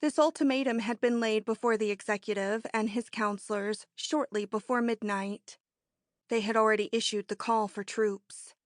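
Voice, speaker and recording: A woman narrating an audiobook in a measured, even storytelling manner. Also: a little high, dry recording, studio quality. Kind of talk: scripted narration.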